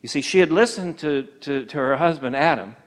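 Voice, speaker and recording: Emphatic male preacher, somewhat high voice. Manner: emphatic, slows for key points, acts out voices of tempters. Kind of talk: sermon.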